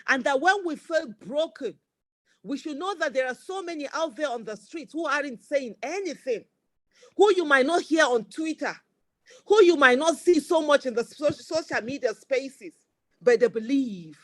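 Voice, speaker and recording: A woman's voice: high voice, lively intonation, moderate pace, no room sound. A Nigerian woman in her forties with a Nigerian accent, giving an impassioned speech at a fundraiser in fervent, repetitive bursts. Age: 40s. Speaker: speaker at a campaign fundraiser.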